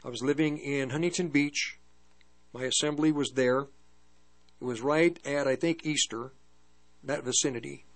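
An older man preaching and telling a personal testimony in a halting storytelling way, with many restarts. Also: medium pitch. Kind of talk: testimony sermon.

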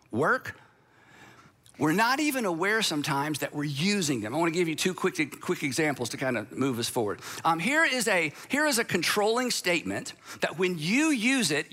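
Male speaker, sermon-style delivery, high and bright, lively, slips into quoted voices. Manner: animated, acts out the voices of people he quotes. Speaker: speaker addressing an audience.

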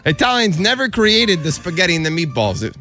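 A man's voice: high-pitched, very animated, a little fast, bright, forceful tone, soft background music. A middle-aged man hosting a morning radio show, joking playfully and laughing easily in casual banter. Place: radio studio. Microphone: studio microphone.

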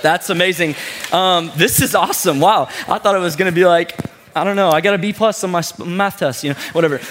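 High-voiced, chatty young preacher. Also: male voice, slight background noise. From St. Louis, USA. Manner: chatty, joking storyteller with many fillers; playful, animated quoted voices. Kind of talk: casual sermon to a live audience.

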